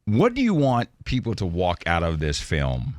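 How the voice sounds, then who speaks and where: A man's voice: low voice, huge pitch swings, moderate pace, a little mellow, no echo, studio quality. A man hosting a casual interview, asking eager questions and repeating words as he gets started. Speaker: host.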